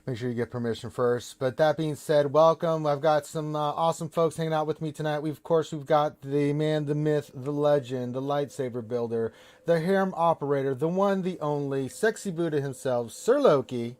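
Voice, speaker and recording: A man hosting a live gaming stream, energetic and jokey, welcoming viewers and guests. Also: a little high, moderate pace. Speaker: host.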